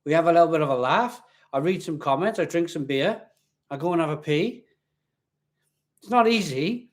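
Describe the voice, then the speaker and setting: A man's voice: fairly high pitch, brisk. A man hosting a live beer tasting from home, chatting casually to viewers in front of his laptop and often repeating himself. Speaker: beer reviewer livestream host. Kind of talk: casual live-stream chat. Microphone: laptop webcam.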